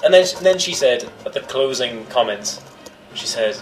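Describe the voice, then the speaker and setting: A man's voice: medium pitch, lively intonation, moderate pace, rough recording. A young man telling a story in casual chat, swearing freely and acting out the other people's voices.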